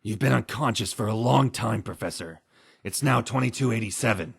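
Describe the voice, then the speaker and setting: A blunt, weary ghoul survivor from a video game, voiced by a man. His low voice is gravelly and raspy. It is recorded dry and close, with no room sound. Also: fairly quick, dry recording. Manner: blunt and plain-spoken.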